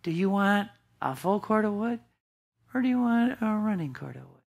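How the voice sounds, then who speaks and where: A woman's voice: medium pitch, big pitch swings, moderate pace, gravelly, darkish tone. A woman pastor preaching a sermon in a church, emphatic and asking the congregation rhetorical questions.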